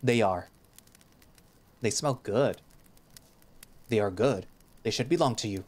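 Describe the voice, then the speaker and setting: A stoic, tailed creature warrior speaks formally and without contractions, as a man reads him. The voice sits low and steady. It is a visual novel reading. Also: slow pace. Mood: earnest.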